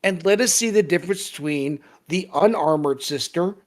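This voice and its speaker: A co-host in a casual review chat with a mid-range voice, ranting heatedly and swearing without restraint. The delivery is forceful and fired-up. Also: mid-range voice, moderate pace.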